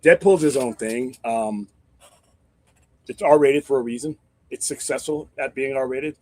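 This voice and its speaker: A man's voice: medium pitch, measured pace, a little mellow. Rambling, foul-mouthed male stream host. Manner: rambling, profane, thinks aloud with restarts. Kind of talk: casual chat on a live stream.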